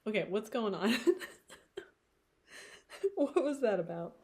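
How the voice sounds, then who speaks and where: A woman's voice: medium pitch, lively intonation, slow pace, darkish tone. Chatty woman reading tarot, tired throat. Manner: chatty and rambling, often laughing. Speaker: tarot reader. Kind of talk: casual tarot reading to camera.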